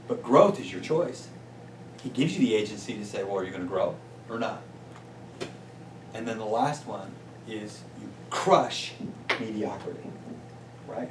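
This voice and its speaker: A man giving an energetic motivational talk as a business coach to a small group, often checking in with "right?". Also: medium pitch. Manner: energetic, peppers points with "right?". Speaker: business coach and guest speaker. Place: meeting room with a small audience. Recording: roomy distant sound with faint noise.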